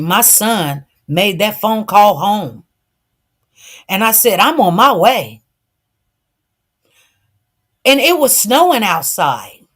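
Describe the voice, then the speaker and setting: A woman commentator with a fairly high voice talks straight to her livestream viewers. She tells her story in an animated, repetitive way and acts out the dialogue. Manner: animated, repeats herself, acts out quoted dialogue; addresses viewers directly.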